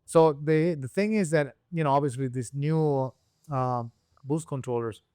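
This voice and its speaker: A man from Rico, a guest and engine builder telling a story in a casual interview, acting out the people he quotes with sudden high voices. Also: a little slow, clean tone, no echo, clean studio sound. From Puerto Rico. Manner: animated storyteller who acts out quoted people with jumps in pitch.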